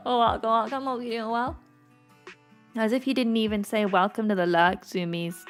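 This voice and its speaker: A woman's voice: fairly high pitch, measured pace. Giggly young woman streaming. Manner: giggly, laughs often between lines. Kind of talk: casual live-stream chat with viewers. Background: faint music.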